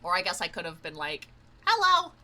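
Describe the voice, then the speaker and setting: A young woman streaming a game, excitable and loud, swearing, laughing and screaming as she plays. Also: low voice, fast. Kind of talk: let's play commentary.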